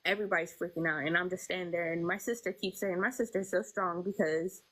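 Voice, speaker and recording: A woman's voice: lowish voice, fairly even intonation, fairly bright tone, poor audio. Emotional young woman telling her story. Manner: emotional, halting, many fillers. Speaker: interview guest. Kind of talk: personal storytelling.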